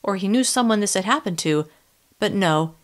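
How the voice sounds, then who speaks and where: A woman narrating a first-person audiobook in an expressive, tense storytelling manner. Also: mid-range voice, moderate pace.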